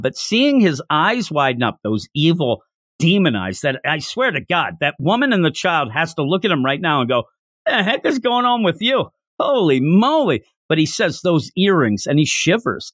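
A man hosting a podcast, retelling a chapter in an animated, enthusiastic way. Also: a little high, no echo, studio quality. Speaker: podcast host. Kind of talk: casual chapter recap.

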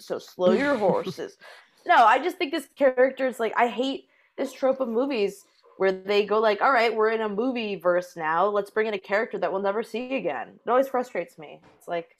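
A woman co-hosting a casual podcast who gives blunt, critical opinions. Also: a little high. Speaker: podcast co-host.

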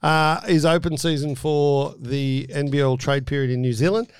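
A man's voice: a little high, fairly even intonation, normal speed, clean tone, no room sound. A man hosting a casual podcast chat, rambling through announcements with many fillers. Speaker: podcast host.

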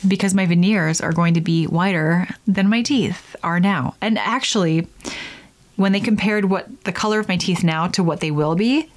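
A woman's voice: fairly low pitch, moderate pace. Chatty woman podcast host. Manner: chatty, animated, acts out silly voices in quotes. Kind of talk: casual solo podcast chat.

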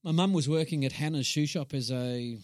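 Rambling, animated man. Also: on the high side, brisk, no echo, studio quality. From New Zealand. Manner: animated, rambling, repeats words, acts out voices. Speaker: guest. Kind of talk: casual storytelling interview.

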